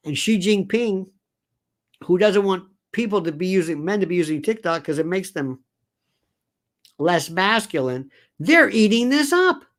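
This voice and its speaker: A man's voice: high-pitched, creaky, fairly bright tone. An older man hosting an opinion commentary monologue, sarcastic and digressive in his delivery. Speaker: commentary host.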